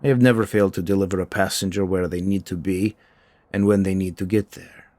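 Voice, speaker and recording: A man's voice: sits low, fairly even intonation, a little fast, dark tone, no room sound. A man voicing a hulking, stern taxi driver with a thick Eastern European-sounding accent, speaking in clipped, formal sentences. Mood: proud. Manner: clipped, formal, few words.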